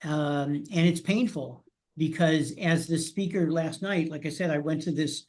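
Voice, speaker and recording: A male host moderating a discussion with a slightly high voice. He speaks politely and often hesitates with small fillers, heard over a video call. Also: unhurried, darkish tone. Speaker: host, educator.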